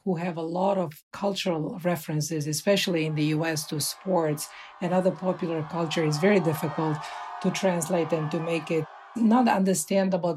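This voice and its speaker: A woman, a subtitling company executive, explaining things in a measured way in an interview. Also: fairly low pitch, darkish tone, breathy edge.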